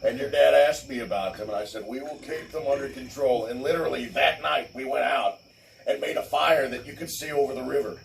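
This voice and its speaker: Gravelly man telling a rowdy story off-mic. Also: a little fast, recorded from a distance. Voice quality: gravelly, swears constantly. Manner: laughing storyteller, mimics people in higher voices. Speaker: podcast host. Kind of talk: casual storytelling. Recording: echoey room, off-mic, faint noise.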